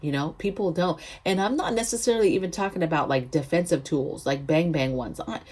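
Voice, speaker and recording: A woman's voice: low voice, a little fast, darkish tone, husky. A woman hosting a prepping vlog, telling a story in a chatty, emphatic way, often checking in with her viewers. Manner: chatty, emphatic, frequent "okay?" asides. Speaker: prepping channel host.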